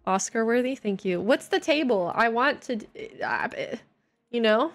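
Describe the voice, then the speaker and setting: A woman's voice: a little high, lively intonation, a little slow. A woman live-streaming a building game, talking casually and playfully to her viewers. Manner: playful, chatty, reacting to viewers. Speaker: livestreamer. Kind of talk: casual live-stream chat while playing. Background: faint game music.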